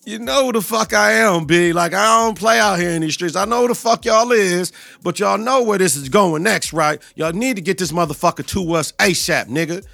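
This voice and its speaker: A man voicing a tough street boss who hurls loud, profane threats. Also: high-pitched, normal speed, vocal fry, hardly any pauses, no room sound, heavily acted. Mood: menacing.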